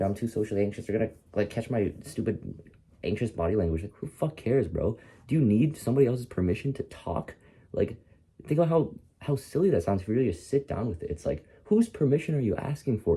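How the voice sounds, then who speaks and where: A young man in his twenties gives a rambling, profane pep talk to the camera, full of slang fillers. He sounds groggy and tired. His voice is low and mellow, with a husky edge. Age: 20s. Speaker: content creator. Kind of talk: casual motivational vlog.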